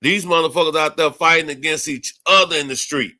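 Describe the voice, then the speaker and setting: A man's voice: a little high, brisk, sharp tone. A man hosting a livestream, ranting angrily with heavy profanity and repeated phrases. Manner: angry, profane, repetitive. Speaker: livestream host.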